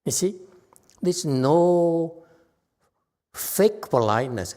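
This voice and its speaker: A man's voice: mid-range voice, animated, unhurried, long pauses, darkish tone. A man as a Buddhist meditation master giving a conversational dharma lecture, checking in with his listeners often.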